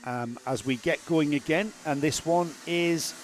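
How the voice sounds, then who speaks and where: A man's voice: a little high, a little slow, slight background noise. A man commentating live on karting, chatting with his co-commentator and greeting viewers.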